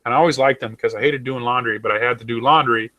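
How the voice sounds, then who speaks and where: A man's voice: medium pitch, fairly even intonation, fast, pushed and bright. A man talking casually and swearing a lot, rambling from story to story. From United States. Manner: rambling, profane, jumps into mocking voices. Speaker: talk show host. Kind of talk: casual chat.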